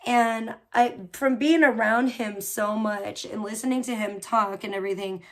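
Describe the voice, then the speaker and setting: Rambly streamer lady, kinda high voice, laughs a lot and talks to chat. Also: fairly even intonation, moderate pace. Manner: rambling, chatty, frequent laughs; reads and answers chat. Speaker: livestream host. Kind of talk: casual live-stream chat.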